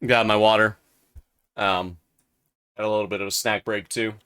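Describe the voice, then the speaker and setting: A man's voice: lowish voice, flat delivery, normal speed, a bit bright, smooth. A young man chatting casually on a live reading stream, rambling with many restarts. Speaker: streamer narrating a novel.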